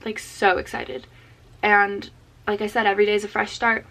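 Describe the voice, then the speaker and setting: A woman's voice: medium pitch, flat delivery, moderate pace, creaky, fairly bright tone. A young woman vlogging to camera, giving a casual, earnest pep talk full of "like" fillers. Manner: chatty, frequent "like" fillers, earnest.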